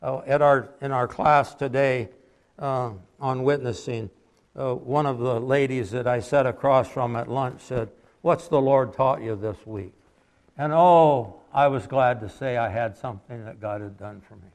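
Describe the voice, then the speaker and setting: A man's voice: medium pitch, a little slow, darkish tone. Folksy man preaching a sermon. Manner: folksy, conversational preaching with anecdotes. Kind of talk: sermon with storytelling.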